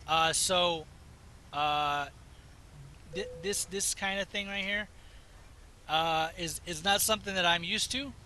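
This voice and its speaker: A man from the Southwest United States, chatting casually and meandering as he plays a driving game, his voice slightly hoarse. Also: high voice, slow, pauses often, sharp tone, a little hiss or hum, low-quality recording. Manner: chatty, meandering, self-interrupting. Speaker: gaming video host. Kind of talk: casual rambling commentary while playing.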